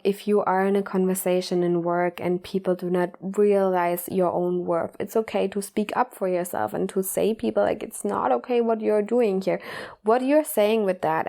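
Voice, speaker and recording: A woman's voice: medium pitch, warm tone. Earnest woman coach, filler-heavy talk. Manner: earnest, repeats "like" and "you know", laughs often. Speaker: mindfulness coach. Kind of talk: casual motivational talk.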